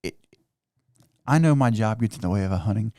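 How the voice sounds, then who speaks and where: A man co-hosting a hunting podcast, teasing his partner and tossing out quick, joking remarks. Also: on the low side, lively intonation, darkish tone, slight background noise. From North Carolina, US. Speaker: podcast co-host. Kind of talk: casual chat.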